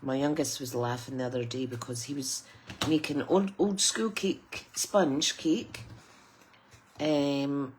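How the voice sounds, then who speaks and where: A woman's voice: rumbling low, takes it slowly, darkish tone, a little hiss or hum. A middle-aged British woman demonstrating papercraft in a live tutorial, chatty and soothing in a story-time teaching tone.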